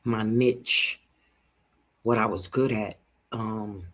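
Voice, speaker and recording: Husky teary man hosting a livestream. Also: fairly low pitch, fairly even intonation, very slow, fairly bright tone. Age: 40s. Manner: emotional, rambling, heartfelt. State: teary-eyed. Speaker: livestream host. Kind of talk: casual emotional livestream chat.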